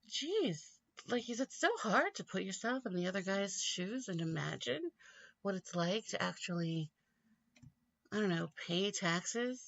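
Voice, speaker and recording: A woman's voice: on the low side, vocal fry, a bit bright, no echo, muffled recording. A woman hosting a comedic solo commentary show. She rambles, mocks her subject and laughs often.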